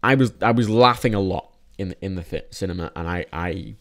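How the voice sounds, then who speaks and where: A man's voice: low voice, brisk, a bit bright. A young man casually reviewing films in a vlog, rambling with many restarts and frequent swearing. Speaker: film reviewer.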